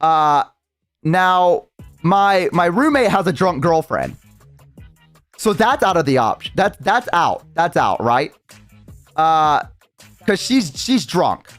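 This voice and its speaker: A man's voice: fairly high pitch, sing-song, slow pace, pauses often, a bit bright, no room sound, soft background music. A young adult man, a streamer, telling a story in a rambling casual way, full of fillers and swearing.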